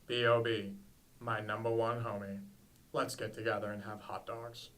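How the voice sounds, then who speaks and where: A man putting on an impression of a famous deep-voiced older male narrator, slow and solemn. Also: flat delivery, fairly bright tone, natural voice. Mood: mock solemn. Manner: slow, low, solemn delivery.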